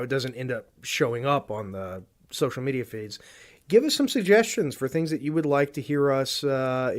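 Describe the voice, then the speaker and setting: Male co-host, expressive pitch, jokey, deadpan asides. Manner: joking, lively, drops deadpan asides. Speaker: podcast co-host. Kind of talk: casual chat.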